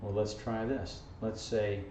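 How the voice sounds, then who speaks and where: Speaking at a measured pace in a fairly low, level, warm voice, this math teacher leads an algebra lesson full of jokes and constant "okay?" and "right?" check-ins. It's an informal video lesson. Heard from across the classroom, the camera audio is echoey, distant and dull with faint hiss.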